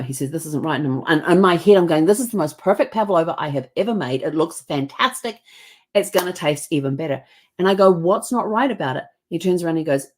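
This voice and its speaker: Woman with a New Zealand accent, low voice, chatty storyteller who acts out the dialogue. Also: darkish tone. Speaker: host. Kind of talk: casual storytelling.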